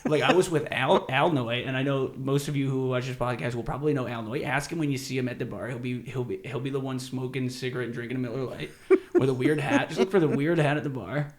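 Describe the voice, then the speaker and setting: A man hosting a podcast in loose, profane chat, drifting off-topic and laughing along. His voice sits at an ordinary middle pitch for a man. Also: quick pace, roomy sound. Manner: rambling, profane, laughing often. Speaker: podcast host. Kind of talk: casual chat.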